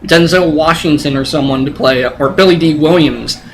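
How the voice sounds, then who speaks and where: A man's voice: fairly high pitch, normal speed, slight background noise. A young adult man giving a casual movie review, sarcastic and rambling, with blunt swearing.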